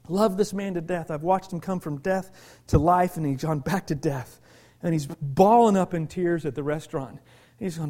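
A male pastor with a strikingly high voice delivers a lively sermon. He drops to quiet, confiding talk, then rises to shouted emphasis. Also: moderate pace. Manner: animated, swings from quiet to shouting.

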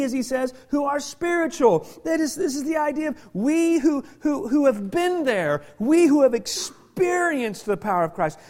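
A middle-aged man preaching a sermon as pastor, folksy and animated, sometimes dropping to a near whisper for emphasis. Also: very high-pitched.

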